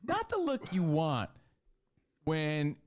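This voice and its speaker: A man giving opinionated sports talk radio commentary in a measured way. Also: a little high, huge pitch swings, background noise.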